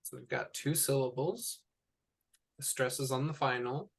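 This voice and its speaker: A man teaching a one-on-one language lesson, patiently explaining sounds and repeating each word slowly. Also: medium pitch, creaky, slightly rough. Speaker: Hebrew teacher. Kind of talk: tutoring session.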